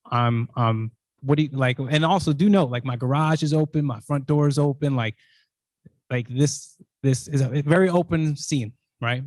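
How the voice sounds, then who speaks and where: A man's voice: medium pitch, normal speed, dry recording. A man giving a talk, telling a personal story in a loose conversational way with frequent restarts and fillers. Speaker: invited speaker.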